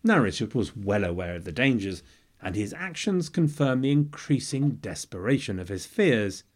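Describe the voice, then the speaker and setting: Male podcast host, scripted history narration, lively up-and-down delivery, dry jokes. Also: mid-range voice, moderate pace. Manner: wry, jokey asides.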